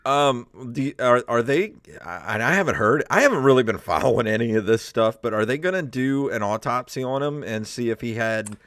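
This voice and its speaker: A man's voice: medium pitch, expressive, fairly quick, hardly any pauses, a bit bright, no room sound, studio quality. A man co-hosting a comedy podcast, joking, stammering, laughing often. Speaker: podcast co-host. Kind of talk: casual comedy chat.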